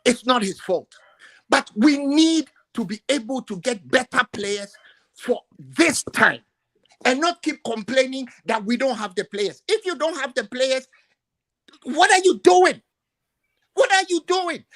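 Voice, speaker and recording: A man's voice: extremely high pitch, lively intonation, unhurried, fairly bright tone. A male caller ranting emotionally over a video call, exasperated and stumbling over repeated words. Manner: emotional, exasperated, stammering repetitions. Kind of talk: impassioned call-in rant.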